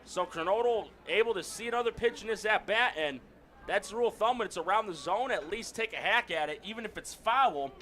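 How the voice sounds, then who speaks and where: A man calling a baseball game play by play, excitable and shouting during big plays. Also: sits high, a little fast. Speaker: play-by-play announcer.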